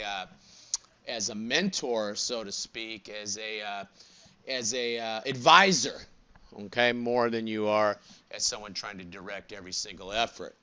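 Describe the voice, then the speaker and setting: A man lectures a classroom with a bright, forceful voice, prodding students with quick "what?" and "right?" checks. He talks casually, wandering into jokes and side stories. The recording is dull and lo-fi, as if captured in the back of the room. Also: on the low side, smooth. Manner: chatty, digressive, joking asides. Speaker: college instructor.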